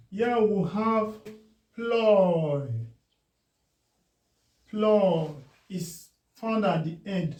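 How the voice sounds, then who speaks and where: A man teaching a beginners' spelling lesson, repeating each word slowly and often asking whether it is clear. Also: high-pitched, a little mellow. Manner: slow and deliberate, repeats words and checks understanding. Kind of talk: classroom phonics lesson. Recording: echoey room, voice from a distance.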